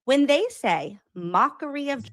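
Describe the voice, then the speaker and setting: Slow emphatic woman, dry close sound. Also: high-pitched, expressive, no room sound. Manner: emphatic, defensive, profane. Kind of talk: clip of creator explaining herself.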